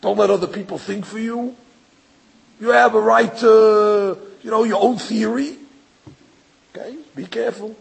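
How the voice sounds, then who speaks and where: A man's voice: sits high, fairly even intonation, unhurried, vocal fry, long pauses, breathy edge, rough recording. A man, a rabbi giving a religious lecture, talking emphatically and rhetorically, stammering into restarts and acting out other people's voices. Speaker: rabbi teaching a class.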